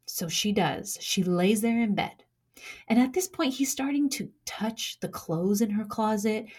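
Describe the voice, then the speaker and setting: A young woman telling a true crime story from her own life, measured, with dramatic pauses. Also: mid-range voice, animated, a little mellow, breathy edge. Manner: measured, dramatic pauses, acts out quoted lines.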